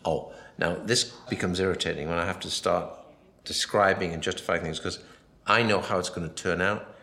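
A man's voice: sits low, steady tone, moderate pace, vocal fry, pushed and bright, echoey room. A man giving a film commentary, rambling and anecdotal, acting out quoted dialogue as he goes. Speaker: film director.

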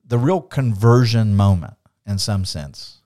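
A man with a fairly low voice unpacks a Bible passage on a podcast. He talks earnestly and with animation, slipping into lively quoted dialogue as he explains. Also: measured pace. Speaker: podcast co-host. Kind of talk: Bible study discussion.

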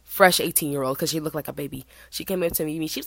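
A woman in her twenties hosting a podcast, telling a story in a chatty, animated way and feeling a bit sick. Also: rapid-fire, vocal fry, few pauses, no echo. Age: 20s. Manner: chatty, animated, mimics other people in high voices. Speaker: podcast host. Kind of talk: casual storytelling monologue.

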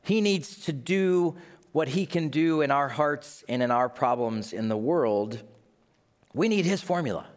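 A man preaching a sermon in a lively, joking way, acting out quoted voices. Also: fairly high pitch, unhurried. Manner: animated, jokey, acts out voices. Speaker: pastor.

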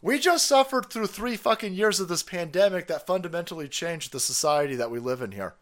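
A man's voice: sits high, expressive, fairly quick. A man hosting a stream, ranting in angry, swearing, mocking commentary on a played clip. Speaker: stream host.

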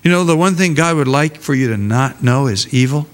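A man's voice: medium pitch, expressive, a little fast, long reverb tail, slight background noise. An older man and pastor preaching a conversational sermon, often repeating words as he searches for them.

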